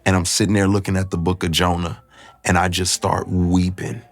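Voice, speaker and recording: A man telling his personal faith testimony in a reflective, halting, emotional way. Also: low voice, flat delivery. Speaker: guest sharing his testimony.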